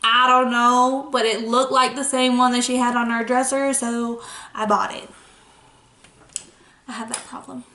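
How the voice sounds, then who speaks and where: A woman's voice: fairly high pitch, level tone, measured pace, pauses often, sharp tone. A young woman talking casually through her makeup routine as a beauty vlogger, playful and self-mocking in her asides. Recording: echoey room.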